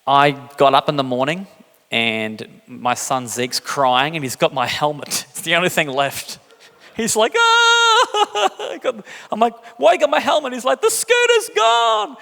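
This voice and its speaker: A man giving a sermon in a loose, conversational way, breaking into playful voices when he quotes people. His voice sits a little high, and it rings out with the long reverb of a church hall. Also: animated, normal speed, vocal fry, fairly bright tone. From England. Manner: conversational, jokey, acts out quotes with big pitch jumps. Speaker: pastor.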